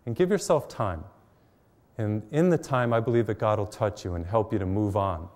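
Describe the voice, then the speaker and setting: A man's voice: fairly low pitch, moderate pace, darkish tone, big-room sound. A middle-aged man, a priest, giving a conversational televised sermon full of personal stories, recorded in a church. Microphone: mic while facing cameras.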